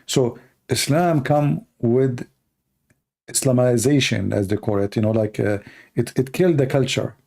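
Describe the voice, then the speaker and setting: A man's voice: mid-range voice, measured pace, gravelly, mellow. A man whose first language is Arabic, hosting a live stream and answering viewer questions bluntly and emphatically, often repeating himself. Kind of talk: casual live-stream talk.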